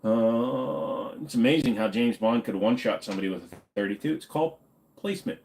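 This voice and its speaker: A man's voice: medium pitch, a little fast, a little mellow, slight background noise. A man hosting a casual livestream, reading chat questions aloud and answering them in an offhand, joking way. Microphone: desk microphone.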